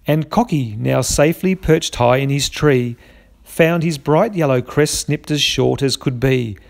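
A man's voice: mid-range voice, measured pace, vocal fry. A man narrating a rhyming children's storybook in a lilting, rhythmic way. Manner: lilting, rhythmic rhyme reading.

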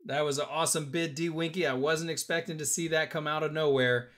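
A man's voice: on the high side, steady tone, a little fast, fairly bright tone, slight background noise. A man hosting a live-stream auction, joking with bidders and counting down bids. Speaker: auction host.

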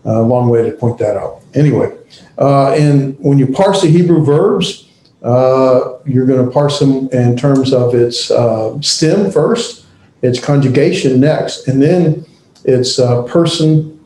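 Halting man lecturing in an echoey room. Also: mid-range voice, mellow. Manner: halting, many fillers and restarts. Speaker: teacher. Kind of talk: classroom lecture.

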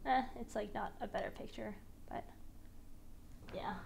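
A young woman streaming, chatting casually and excitedly with viewers, gushing and giggly with lots of slang. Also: a little high, normal speed, gravelly, a little hiss or hum.

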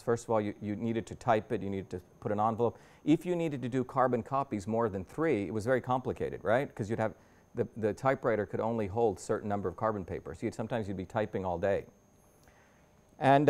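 A man in his fifties speaks as a guest lecturer in a university lecture room. His voice sits at an ordinary middle pitch. He talks the audience through his slides in a loose, conversational way and often restarts his sentences. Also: a little mellow.

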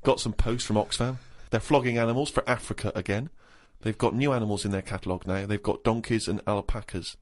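A man's voice: lowish voice, fairly even intonation, quick pace, few pauses. A man hosting a podcast, reading a diary aloud in a giggly, mocking way. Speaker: podcast host.

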